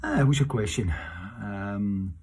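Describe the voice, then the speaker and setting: A Scottish man, a singer answering audience questions in a rambling, casual chat, animated in his seat and restarting his sentences often. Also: lowish voice, slow, breathy edge. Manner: animated while seated.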